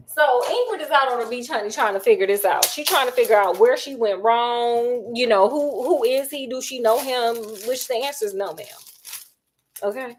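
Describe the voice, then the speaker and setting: Sassy high-voiced woman. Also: lively intonation, normal speed, a little hiss or hum. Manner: sassy, gossipy, dramatic retelling. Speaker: cooking vlogger. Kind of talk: casual chat while cooking.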